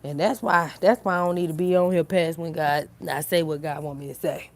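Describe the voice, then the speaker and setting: A woman's voice: deep voice, fairly even intonation, brisk. A sleepy woman in a casual, giggly sign-off chat to her viewers. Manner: giggly and silly, breaks into laughter. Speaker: online inspirational speaker.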